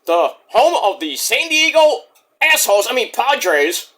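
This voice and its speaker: Jokey guy doing a wrestling review, swears a lot, voice jumps all over, bright tone. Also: very high-pitched, unhurried. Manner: animated, profane, jokey, breaks into impressions. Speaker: wrestling reviewer, channel host. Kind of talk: casual profane wrestling review monologue.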